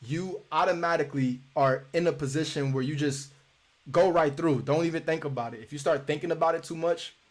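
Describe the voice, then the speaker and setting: A man's voice: on the high side, brisk. A young man teaching a live cold calling lesson in a casual, repetitive way, acting out sample phone calls.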